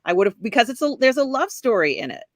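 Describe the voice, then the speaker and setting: A woman's voice: fairly high pitch, big pitch swings, quick pace, no room sound, clean studio sound. A woman hosting a casual live stream, rambling with many fillers, often laughing as she talks. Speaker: podcast host.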